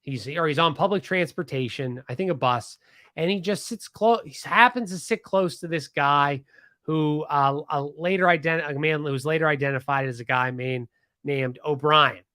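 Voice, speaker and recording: A man from Pennsylvania tells a history story on his podcast in a casual, animated way, full of restarts and asides. His voice sits a bit high for a man. The recording is dry and close, with no room sound. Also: normal speed, no room sound. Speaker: podcast host.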